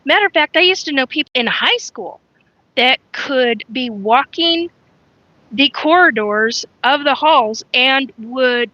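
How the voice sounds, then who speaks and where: A woman's voice: high voice, lively intonation, unhurried, bright, forceful tone, no echo, highs cut off. A woman hosting a casual live stream, rambling frankly and greeting viewers by name as she talks. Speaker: livestream host.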